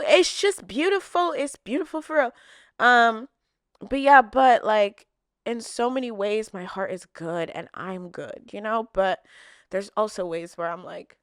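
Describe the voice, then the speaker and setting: A young woman talks straight to her viewers in a loose, heartfelt way, full of "like" and "you know." Her voice is smooth and clear. The sound is close and dry, with no room around it. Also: medium pitch, fairly bright tone, no room sound. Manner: chatty, emotional, lots of likes and fillers. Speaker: vlogger answering viewer questions. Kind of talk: casual heartfelt chat to camera.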